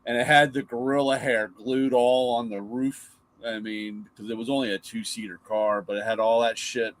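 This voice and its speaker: A man's voice: medium pitch, little pitch movement, moderate pace. A middle-aged man, host of a live car talk show, casually telling rambling stories about old cars and his dad, swearing and mimicking voices. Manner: rambling anecdotes, swears, acts out his dad's lines.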